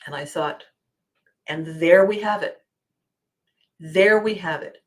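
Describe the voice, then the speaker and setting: A woman hosting a show, talking casually in an expressive, emphatic way with wide swings in loudness. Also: lowish voice, slow pace. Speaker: host. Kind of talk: casual monologue.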